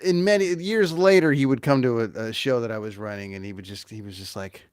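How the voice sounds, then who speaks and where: A man's voice: mid-range voice, brisk, a little mellow, smooth, no room sound. Rambling male host from small-town Ontario, dry sound. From small-town Ontario, Canada. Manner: rambling, many fillers and restarts. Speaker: podcast host. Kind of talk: casual interview chat.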